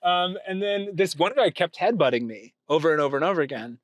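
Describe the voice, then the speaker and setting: A man hosts a casual chat from inside a car. He tells stories with animation and jumps into high voices for the people he quotes. The sound is dry and close. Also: expressive, quick pace, no room sound. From Texas. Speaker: host.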